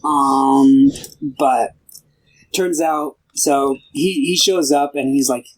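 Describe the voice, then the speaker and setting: A young man chats through a film's plot on a casual podcast. He rambles and stops to act out each character's lines. His pitch sits at an ordinary middle level. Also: a little slow, low-quality recording. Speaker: podcast co-host. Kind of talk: casual film podcast chat.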